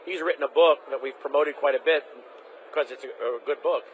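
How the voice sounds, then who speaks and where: Fast-talking man hosting an interview. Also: medium pitch, a little hiss or hum, low-quality recording. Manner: rapid, insistent, repeats key phrases for emphasis. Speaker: interview host. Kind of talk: political interview.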